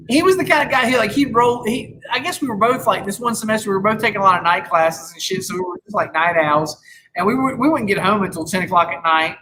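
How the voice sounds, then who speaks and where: A podcast host in his thirties chats casually, rambling with many restarts and swearing freely. His voice sits high and he talks fast, with a noisy background.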